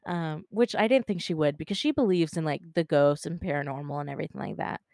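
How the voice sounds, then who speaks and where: A woman's voice: low-pitched, expressive, a little fast, darkish tone, dry recording, clean studio sound. A woman casually telling a personal story, chatty and full of fillers, swearing freely and acting out the dialogue. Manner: acts out dialogue in quotes.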